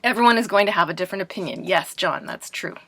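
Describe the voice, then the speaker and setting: A woman's voice: lowish voice, animated, pushed and bright, a little hiss or hum. A woman teaching a pronunciation lesson in a staged classroom, asking questions and answering them herself as if students replied. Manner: clear, deliberate teacher delivery.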